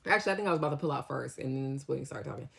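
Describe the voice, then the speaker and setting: A young adult woman casually telling a storytime tale, in an animated, slangy way with lively acted-out quotes. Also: very deep voice, rapid-fire, gravelly, husky. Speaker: storytime vlogger.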